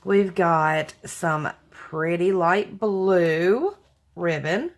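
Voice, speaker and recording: Slow-talking, gushing woman. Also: lowish voice, lively intonation. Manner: gushing, exclamatory, thankful. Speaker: craft vlogger opening mail. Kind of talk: casual unboxing chat to viewers.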